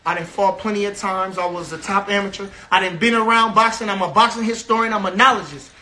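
A man's voice: high-pitched, steady tone, quick pace, pushed and bright. A man from a boxer's camp delivering a heated, repetitive, trash-talking rant to the camera.

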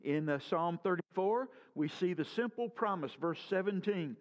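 A man's voice: sits high, animated, moderate pace, few pauses, lo-fi sound. A man preaching a sermon as pastor, earnest and full of rhetorical questions, his voice rising and falling.

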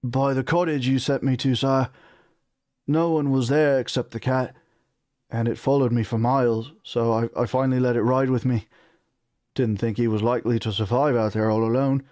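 A man's voice: medium pitch, fairly even intonation, normal speed, darkish tone, dry recording, studio quality, close to an everyday voice. A man reading aloud and voicing a nervous, humble male messenger who stammers and speaks deferentially. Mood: nervous, apologetic.

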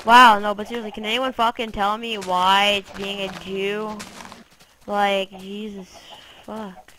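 A woman giving casual let's-play commentary, foul-mouthed and easily frustrated, cursing at the game and yelling at its animals. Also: medium pitch, slight background noise, rough recording. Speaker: gameplay commentator.

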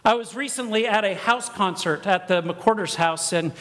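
Man, preacher, very high voice, animated storytelling, church reverb. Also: normal speed. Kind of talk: sermon. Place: church sanctuary.

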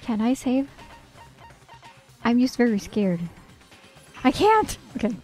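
A young woman streaming a game live, reading game text aloud with excited, swearing, laughing asides. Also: fairly high pitch, slow pace, soft background music.

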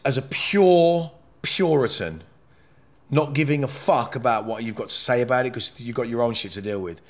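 A man speaking as a podcast guest, telling a personal story in a candid, blunt and emotional way, with frequent swearing and rambling asides. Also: mid-range voice.

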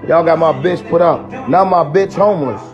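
A man's voice: on the high side, normal speed, dull audio, music in the background. A man with a Chicago accent ranting aggressively on a street vlog, taunting and threatening. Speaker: vlogger. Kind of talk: angry street vlog rant.

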